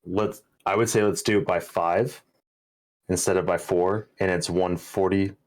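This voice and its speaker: A man playing a tabletop game, talking things through in a measured way. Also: low-pitched, fairly even intonation. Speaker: player. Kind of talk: casual tabletop game chat.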